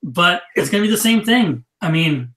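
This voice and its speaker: A man co-hosting a casual online chat, telling stories in a lively, joking way. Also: high voice, normal speed, roomy sound, low-quality recording. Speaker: podcast co-host.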